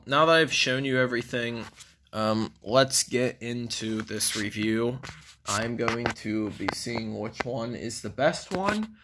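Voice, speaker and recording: A man's voice: mid-range voice, a bit bright, slight background noise. A man giving a casual video review of toys, rambling with frequent ums. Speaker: toy reviewer.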